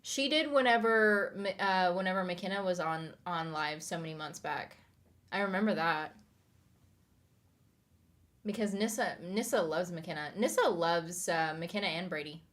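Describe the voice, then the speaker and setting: Woman, lowish voice, rambling casual livestream chat, home office. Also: measured pace, fairly bright tone. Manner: rambling, chatty, reads and answers chat. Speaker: streamer reading chat.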